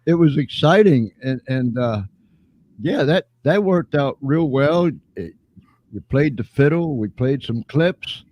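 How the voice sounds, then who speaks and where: A man's voice: mid-range voice, animated, a little slow, no room sound, dull audio. A man in his seventies hosting a live chat show, easygoing and a little rambling. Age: 70s. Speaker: host.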